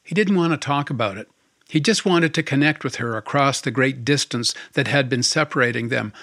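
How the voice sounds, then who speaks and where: A man narrating an audiobook in a calm, steady storytelling manner. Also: medium pitch, brisk, dry recording, studio quality.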